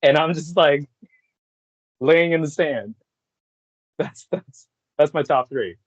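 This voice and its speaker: A man's voice: fairly high pitch, takes it slowly, dry recording, highs cut off. A man who works as a voice actor and actor, a guest chatting in an easygoing, laid-back way and laughing often. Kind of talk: casual interview chat.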